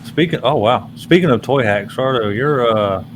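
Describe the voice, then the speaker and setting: A man's voice: mid-range voice, lively intonation, normal speed, slight background noise. A man co-hosting a casual chat over a video call, with a dry joking manner. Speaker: podcast co-host.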